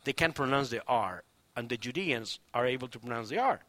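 A man preaching a sermon, telling a story with energy and acting out the people in it, swinging from loud declarations to hushed near-whispers. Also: medium pitch, brisk, no echo. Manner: animated storytelling, acts out quoted voices. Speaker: pastor.

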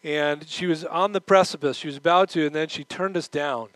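Animated male preacher, dry close sound. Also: fairly high pitch, a little fast, no echo, rough recording. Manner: animated, acts out quoted voices; moves around while preaching. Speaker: pastor. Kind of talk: sermon.

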